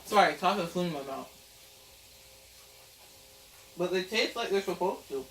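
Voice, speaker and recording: A woman home cook hosts a casual cooking vlog, chatty and playful as she talks through each step. Her voice is fairly low with lively intonation at a moderate pace, caught far off by the camera mic while her back is turned in a roomy kitchen with faint hiss.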